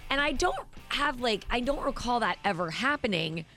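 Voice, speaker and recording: A woman's voice: on the high side, animated, moderate pace, bright, forceful tone, soft background music. A woman co-hosting a radio show, telling a rambling story in casual banter.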